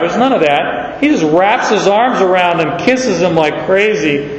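Man, pastor, conversational sermon with asides, slow, echoey hall, dull sound. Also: high voice, animated, slight background noise. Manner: conversational, explaining with asides and repeated words. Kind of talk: expository sermon.

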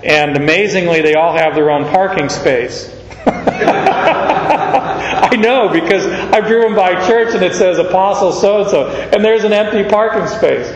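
A man's voice: high-pitched, expressive, measured pace, noisy background. A man teaching a Bible study verse by verse. He speaks emphatically and raises his voice when he reads quoted verses aloud. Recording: echoey hall, dull lo-fi sound.

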